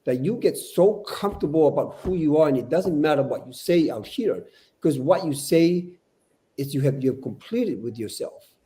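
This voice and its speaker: A man's voice: a little high, lively intonation, normal speed, dark tone. An older man speaking as a podcast guest, earnest and preachy, often repeating his words as he talks. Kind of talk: casual podcast discussion.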